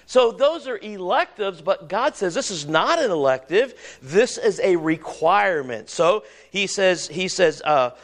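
A man preaching a sermon, animated, slowing into stately tones when he quotes scripture. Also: sits high. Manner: animated, rising and falling, quoting scripture in slow stately tones. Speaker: pastor.

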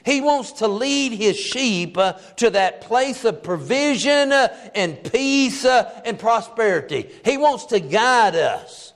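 A man preaching a sermon in a folksy, plainspoken way, stretching key phrases slowly for emphasis. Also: extremely high pitch, animated, a bit bright.

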